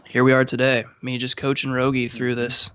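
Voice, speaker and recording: A man's voice: medium pitch, monotone, moderate pace, bright, forceful tone, smooth, no echo. A young man co-hosting a podcast, joking along in playful mock-serious banter and laughing often. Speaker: podcast co-host. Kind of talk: joking casual chat. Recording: dull lo-fi mic.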